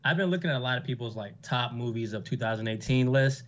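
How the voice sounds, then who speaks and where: A young man guesting on a casual movie review chat, relaxed and full of slang. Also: medium pitch, fast talker, highs cut off, slight background noise.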